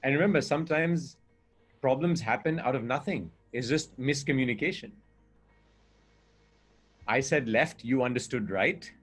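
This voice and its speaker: A man's voice: medium pitch, normal speed, pauses often, breathy edge, faint music behind. A man speaking as a communication coach in a conversation, earnest and explaining with examples and rhetorical questions.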